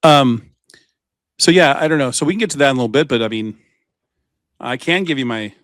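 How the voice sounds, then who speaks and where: A man's voice: mid-range voice, expressive, a little fast, a bit bright, no room sound, clean studio sound. A man co-hosting a podcast, talking in a loose rambling way full of fillers and tangents. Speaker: podcast co-host. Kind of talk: casual chat.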